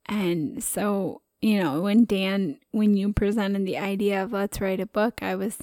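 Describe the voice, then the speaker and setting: A woman co-hosting a casual talk show, speaking in a chatty, expressive way and laughing often. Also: medium pitch, unhurried, no room sound, clean studio sound. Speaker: podcast co-host. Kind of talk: casual conversation.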